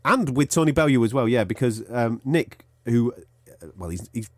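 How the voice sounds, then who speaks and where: A man's voice: mid-range voice, lively intonation, normal speed, no room sound. A man from England, but not from Liverpool, co-hosts a casual podcast. He spins yarns with lots of swearing and breaks into other people's voices. His voice sits mid-range and is recorded dry and close. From England, outside Liverpool. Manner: swearing, storytelling, acts out other people's lines. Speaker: podcast co-host. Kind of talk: casual chat.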